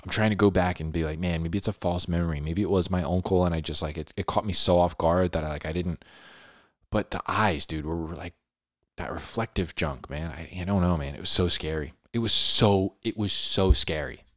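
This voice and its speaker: A man, a podcast host, casually telling a story in a laid-back way, dropping "dude" and "like" often and building drama with pauses. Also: low voice, no echo, studio quality. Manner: animated, dramatic retelling with pauses.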